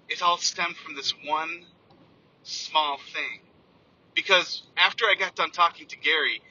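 A man sharing an earnest, heartfelt personal testimonial with a slightly high, very bright and tense voice. He often restarts his sentences. The recording sounds dull and lo-fi. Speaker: computer teacher sharing a personal story.

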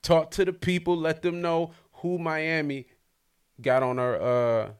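A man's voice: on the high side, steady tone, a little slow, smooth. Slangy podcast host hyping his guest. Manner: loose slangy talk, hypes up the guest. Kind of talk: casual interview chat. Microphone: video call.

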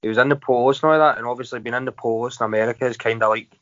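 A man's voice: mid-range voice, steady tone, racing, fairly bright tone, no echo. A Scottish man hosting a casual podcast chat, teasing his guest and laughing often. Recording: dry, dull lo-fi audio.

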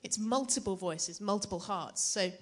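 A young woman with a mid-range voice and moderate pace preaches to a church gathering as a conference teaching talk. Her style is chatty and self-deprecating, and she often puts questions to the audience.

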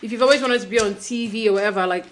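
A woman's voice: medium pitch, racing, slight background noise. A woman casually recapping a reality show reunion, animatedly acting out what others said. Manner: animated retelling, acting out quotes. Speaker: reality TV commentator.

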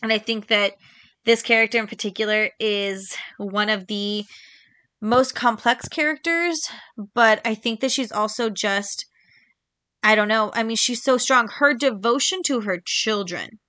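A woman with a fairly high, sharp voice and no room sound hosts a casual solo book podcast. She chats emphatically, repeating points for stress, with lots of ums and quick little laughs between points.

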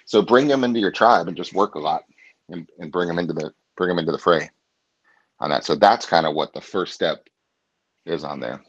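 Blunt low-voiced real estate coach. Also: male voice, fairly quick, slightly rough, muffled recording. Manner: blunt, animated storytelling. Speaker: real estate team leader. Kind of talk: coaching talk to agents.

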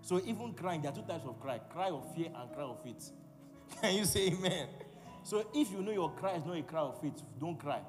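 Man, preacher, fairly high voice, long hall reverb, music behind. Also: expressive, normal speed. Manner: forceful, repetitive call-and-response preaching. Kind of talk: sermon.

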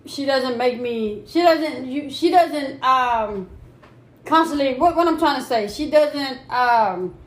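High-voiced woman, halting chat. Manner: halting, many restarts and fillers. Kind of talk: casual chat. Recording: echoey room, faint background noise.

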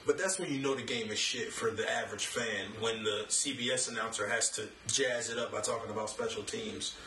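A man's voice: fairly low pitch, fairly quick, bright, forceful tone. Man in casual podcast banter, roomy and distant. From American South. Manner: blunt, argumentative, slangy. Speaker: podcast co-host. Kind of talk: casual chat. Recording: roomy echo, distant from mic, faint background noise.

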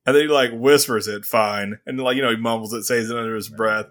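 A man co-hosting a casual comic book review podcast, animated, laughing often and acting out characters' lines. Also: mid-range voice, fast talker. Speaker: podcast co-host.

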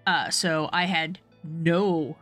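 A young adult woman co-hosting a true crime podcast, telling the story in a relaxed, chatty way with fillers. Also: sits low, very slow, soft background music. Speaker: podcast co-host.

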